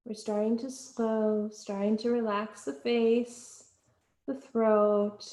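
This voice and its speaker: A woman teaching a yoga class, giving slow and soothing cues with soft pauses. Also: a little high, flat delivery, echoey room. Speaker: yoga instructor. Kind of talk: guided yoga class instruction.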